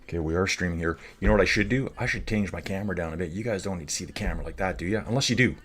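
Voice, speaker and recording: A man's voice: sits low, racing, fairly bright tone, slightly rough. A man hosting a live stream, talking casually with rambling, jokey asides. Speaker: cycling stream host.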